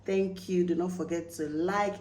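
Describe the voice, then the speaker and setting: A Nigerian woman chatting casually to camera in a vlog, lively when quoting phrases. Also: fairly low pitch, normal speed, roomy sound, low-quality recording. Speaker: vlogger.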